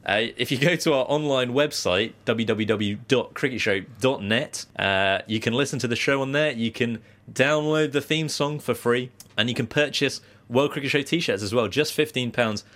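Bloke co-hosting a podcast, jokey, laughs a lot, even middle voice. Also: male voice, mid-range voice, normal speed, few pauses. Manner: jokey, laughs often, does silly voices. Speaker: podcast co-host. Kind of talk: casual chat.

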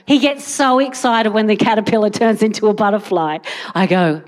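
A woman's voice: mid-range voice, normal speed. A woman doing rambling, self-mocking stand-up comedy on a theatre stage. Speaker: guest comedian. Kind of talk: stand-up set then chat. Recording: live hall, audience present.

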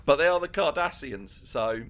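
Wry man, lively pitch. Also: normal speed. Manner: wry, laughs often between remarks. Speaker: podcast co-host. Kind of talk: casual chat.

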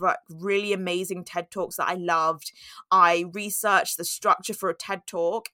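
A woman's voice: medium pitch, sharp tone, no echo, studio quality. A woman, hosting a podcast and talking through her own story in a candid, storytelling way. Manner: candid and storytelling, with laughs and acted-out inner voices. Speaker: podcast host. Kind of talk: reflective solo talk.

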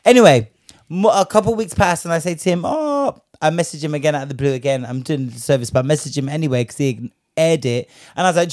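A man's voice: fairly high pitch, expressive, quick pace, a little mellow, no echo, clean studio sound. Brash profane man ranting. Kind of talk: casual storytelling chat.

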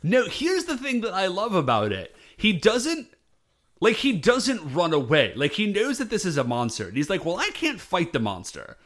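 A man's voice: high-pitched, normal speed. A man co-hosting a casual chat recap of a TV episode, acting out the characters' lines as he tells it. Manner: animated, acts out characters' lines. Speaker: podcast co-host.

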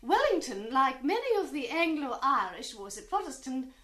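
A woman's voice: sits high, very animated, moderate pace, sharp tone. A woman in comic banter, dryly correcting the other speaker. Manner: dry, correcting interjections.

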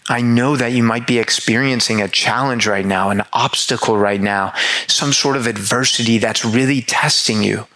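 A man with a bright, forward voice speaks straight to his listeners in an earnest motivational monologue. He leans hard on repetition for emphasis and is heartfelt throughout. Now and then he drops a casual swear word into the sincerity. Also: medium pitch, normal speed, low-quality recording.

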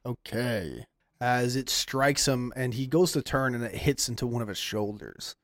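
Laughing game master narrating combat. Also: male voice, mid-range voice, normal speed, dry recording, studio quality. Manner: laughs often, vivid descriptions.

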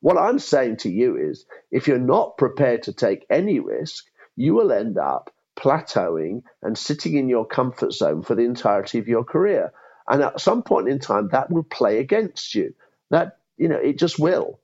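Gravelly fifty-something man, dull lo-fi sound. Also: mid-range voice, big pitch swings, normal speed, a little mellow. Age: 50s. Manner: reflective, with frequent restarts. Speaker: guest, former law firm CEO. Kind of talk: interview conversation.

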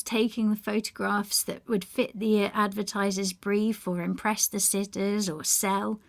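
A woman narrates from a prepared script in a measured, storytelling way. Her voice sits at a middle pitch and carries a noticeable gravelly fry. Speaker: presenter reading from family archive.

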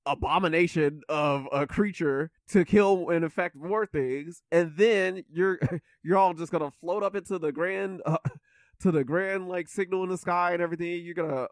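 A man's voice: high voice, normal speed, dry recording, clean studio sound. A man co-hosting a podcast, chatting casually and comedically, rambling with lots of fillers and frequent laughter. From British. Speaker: podcast co-host.

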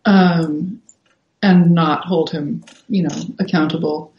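Woman, low-ish voice, casual guest, filler-heavy, roomy dull recording. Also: fairly even intonation, slow, gravelly. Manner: thinks aloud with many fillers. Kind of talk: casual conversation.

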